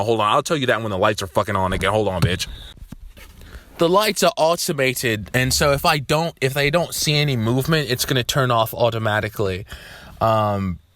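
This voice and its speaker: Young dude vlogging, rambles, swears a lot, gets loud out of nowhere, mid voice, dry room sound. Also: male voice, medium pitch, no room sound. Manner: rambling, swears freely, loud animated outbursts. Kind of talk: casual rambling monologue.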